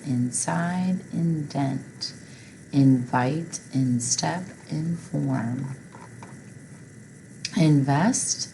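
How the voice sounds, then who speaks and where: Slow, patient woman teaching phonics. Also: low-pitched, gravelly, dark tone, slight background noise, low-quality recording. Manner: slow, patient, prompting listeners to repeat. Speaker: reading and spelling teacher. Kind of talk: slow phonics lesson, say-and-spell drills.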